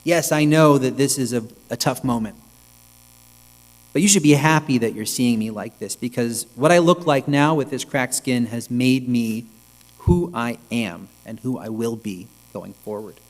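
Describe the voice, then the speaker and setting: A man's voice: mid-range voice, normal speed, lightly acted. A man voicing an old male sage who weeps but refuses to hide his scars, speaking earnestly in a sermon with long sanctuary reverb.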